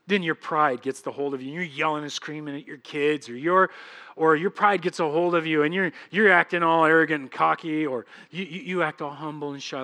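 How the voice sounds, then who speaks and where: Animated bright-voiced male preacher. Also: high voice, a little fast. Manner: animated, acts out little dialogues; swings between loud and hushed. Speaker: pastor. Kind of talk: sermon.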